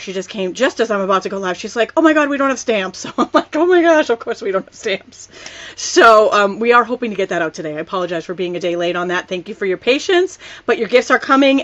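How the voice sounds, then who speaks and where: A woman's voice: mid-range voice, fairly bright tone, muffled recording. A middle-aged woman chatting casually on a live stream from her home, upbeat and rambling, laughing often. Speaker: card-making instructor. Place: home family room.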